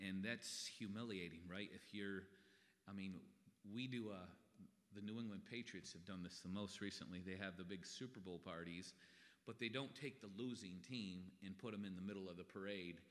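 A man's voice: low voice, normal speed, fairly bright tone. A middle-aged man preaching a sermon as a pastor in a folksy, conversational way. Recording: long reverb in a hall.

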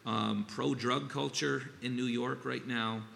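Earnest pastor with a gravelly voice. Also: male voice, mid-range voice, steady tone, fairly bright tone. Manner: earnest, halting, many fillers and restarts. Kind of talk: sermon with scripture reading. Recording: long reverb, faint ambient noise.

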